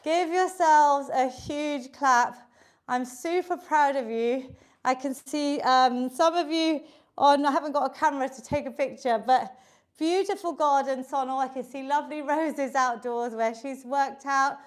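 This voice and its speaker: A woman's voice: high voice, moderate pace. A woman fitness instructor leading a live online workout class, encouraging and counting reps aloud, slightly out of breath.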